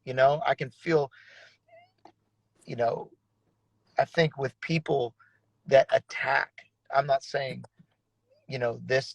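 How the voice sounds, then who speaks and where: A man's voice: mid-range voice, creaky, a bit bright, dry recording, rough recording. A man who is a pastor, sharing an earnest personal testimony in a casual, slangy conversation. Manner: earnest, casual, uses slang like bro and dude.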